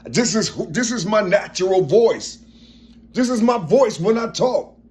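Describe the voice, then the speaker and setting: A forceful, strong-toned man in his fifties talks a little slowly, his high-pitched voice full of lively intonation. The monologue is personal and meandering, with repeated phrases as he reaches for what to say.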